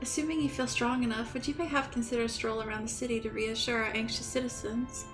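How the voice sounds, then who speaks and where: A woman's voice: fairly high pitch, fairly even intonation, fast, over music, lightly acted. A woman reading out a polite, formal fantasy city attendant's lines from a game, in courteous tones. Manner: formal, courteous read-aloud. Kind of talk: reading game dialogue aloud.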